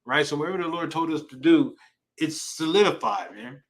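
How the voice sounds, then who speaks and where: A man's voice: on the high side, fairly quick, low-quality recording. A man teaching an informal Bible class in a casual, slangy way, often repeating himself and asking "right?" for agreement. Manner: repetitive, emphatic, slangy, asks "right?" often.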